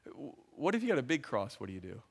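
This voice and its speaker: A man's voice: medium pitch, huge pitch swings, fast talker, vocal fry, slightly rough. A man preaching a sermon in a chatty way, often repeating words and acting out the voices of people he quotes. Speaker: pastor. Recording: long hall reverb.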